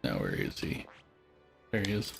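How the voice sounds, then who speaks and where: A man's voice: extremely low pitch, big pitch swings, normal speed, creaky, faint music behind. A man casually commentating while he plays a video game. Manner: offhand commentary over gameplay. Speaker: gameplay streamer. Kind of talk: casual let's play commentary.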